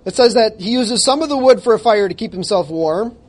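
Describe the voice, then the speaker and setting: High-voiced male pastor preaching. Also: animated, brisk. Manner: emphatic, conversational, jokes at himself. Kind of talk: sermon with scripture reading.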